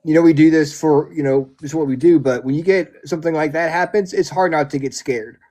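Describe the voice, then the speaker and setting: Man with a somewhat higher voice, hosting. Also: fairly even intonation, brisk, dark tone. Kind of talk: casual chat.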